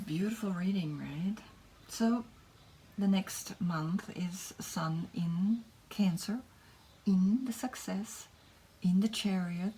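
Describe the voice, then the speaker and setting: Slow, mellow-voiced tarot reader woman. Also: fairly low pitch, a little hiss or hum. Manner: soft, often drifting into a whisper; gentle, encouraging, with frequent tag questions. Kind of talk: tarot reading with guided meditation.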